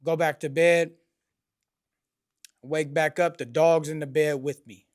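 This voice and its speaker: A man with a slightly high voice hosts a podcast and tells a personal story. He talks bluntly with plenty of profanity and street slang. His voice climbs in pitch and gets louder whenever he reenacts a remembered scene. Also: fairly even intonation, unhurried, pauses often, no room sound, clean studio sound. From Oakland, California. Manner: raises pitch and volume when acting out past moments. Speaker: podcast host.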